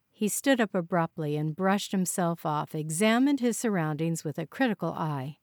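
A woman reading a novel aloud in steady, scripted narration on a close mic. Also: on the low side, normal speed, few pauses, no echo. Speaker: audiobook narrator.

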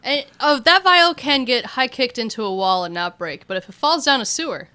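Give me a woman with a bright, lively voice in casual podcast chat. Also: a little high, normal speed, smooth, dry recording.

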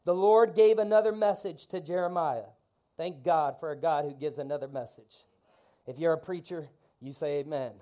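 Fired-up high-voiced man preaching. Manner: animated, call-and-response preaching. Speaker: pastor. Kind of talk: energetic sermon. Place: church.

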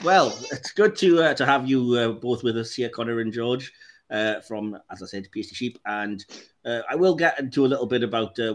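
A man hosting a film review podcast in casual chat, laughing often and filling pauses with "uh". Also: fairly low pitch. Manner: laughs often, many filler "uh"s. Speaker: podcast host.

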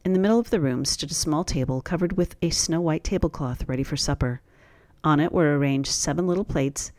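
A man reading a classic fairy tale aloud in a steady, plain storytelling voice. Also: on the high side, dry recording, studio quality.

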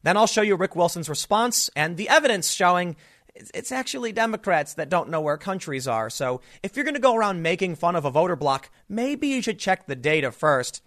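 A man's voice: high-pitched, sing-song, brisk, fairly bright tone. A man giving a sarcastic, mocking political commentary monologue.

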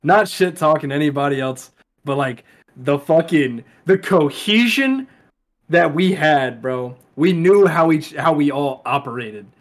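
A young man chatting on a podcast, loose, profane and emotional, laughing often. His voice sits a little high. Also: expressive, unhurried. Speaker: podcast guest, soldier. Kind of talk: casual chat.

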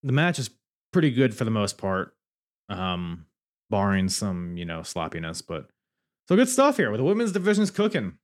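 A man's voice: fairly low pitch, sing-song, moderate pace. A man hosting a podcast, recapping matches in a loose, chatty way. He jokes, swears and restarts his sentences often. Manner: rambling, joking and profane, with many restarts. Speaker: wrestling podcast host. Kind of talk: casual show recap.

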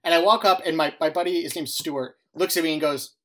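A young man, a podcast co-host who coaches baseball, talking in casual chat and telling lively stories. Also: fairly high pitch, brisk. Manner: animated storytelling, quotes others in lively bursts.

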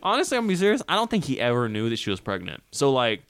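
A man's voice: medium pitch, racing, a little hiss or hum. A man telling a crude story in casual chat, swearing and acting out the voices of the people in it. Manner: animated, swearing, acting out voices in his stories. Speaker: podcast co-host and storyteller.

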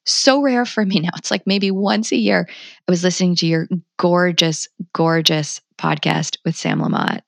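A woman's voice: fairly low pitch, moderate pace, gravelly, no room sound. A woman talking as a parenting educator in a candid interview, blunt and emphatic, swearing freely. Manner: animated and passionate. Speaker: parenting educator, podcast guest.

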